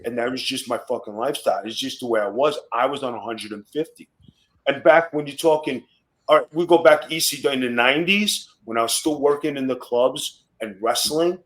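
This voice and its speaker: A man's voice: medium pitch, fairly bright tone, rough recording. Blunt, profane man telling tough stories. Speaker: podcast guest, former wrestler. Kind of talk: casual storytelling interview.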